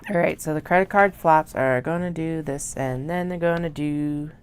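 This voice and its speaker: A woman hosting a craft livestream, chatting casually and muttering soft half-whispered asides to herself while she cuts fabric. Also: deep voice, normal speed, a little hiss or hum.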